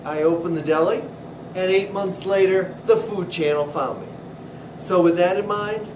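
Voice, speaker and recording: A man who owns a deli, telling funny stories about his customers in an animated way. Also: sits high, normal speed, distant mic. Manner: animated storyteller acting out customers. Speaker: deli owner. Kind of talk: storytelling. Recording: roomy echo with clear noise.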